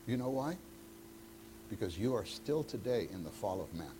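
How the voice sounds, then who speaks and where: A man's voice: fairly low pitch, lively intonation, normal speed, noisy background. A man leading a church teacher-training meeting, talking conversationally and acting out bits of dialogue. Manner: conversational, acts out quoted dialogue.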